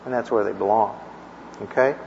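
A man's voice: on the low side, fairly even intonation, normal speed, creaky, a little mellow, a little hiss or hum. A man teaching a church class in a rambling, folksy way, with chuckling asides and homespun stories. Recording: echoey, dull lo-fi room recording.

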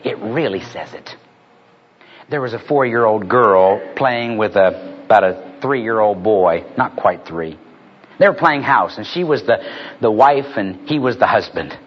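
A man preaching a sermon, telling humorous stories and building to punchlines in an animated way. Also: on the low side, a little slow, pauses often, slightly rough. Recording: dull lo-fi recording.

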